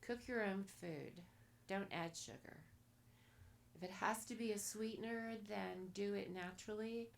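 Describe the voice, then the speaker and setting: A woman guest on a casual podcast, soft-spoken and nearly whispering at times, giving blunt advice in short commands. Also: mid-range voice, unhurried, gravelly, a little hiss or hum. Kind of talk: casual interview.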